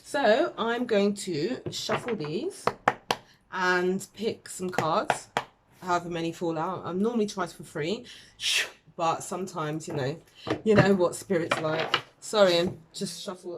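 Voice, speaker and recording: A woman's voice: fairly low pitch, measured pace, very noisy. Chatty woman doing a tarot reading. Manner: chatty, rambling, self-deprecating, with fillers and laughs. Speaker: tarot reader. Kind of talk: casual tarot reading to camera.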